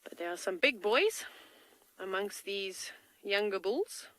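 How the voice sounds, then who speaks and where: A woman's voice: medium pitch, expressive, slow pace, fairly bright tone, no room sound, low-quality recording. A woman safari field guide giving chatty, enthusiastic live commentary from a game-drive vehicle, with a tickle in her throat. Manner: chatty and enthusiastic, talks to kids.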